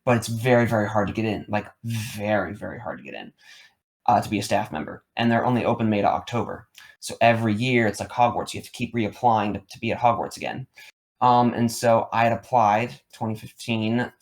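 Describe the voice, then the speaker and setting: A man's voice: fairly low pitch, steady tone, fairly quick. A man in his thirties telling a long personal story on a podcast, rambling, repeating words and leaning on fillers. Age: 30s. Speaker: podcast co-host. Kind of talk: casual storytelling chat.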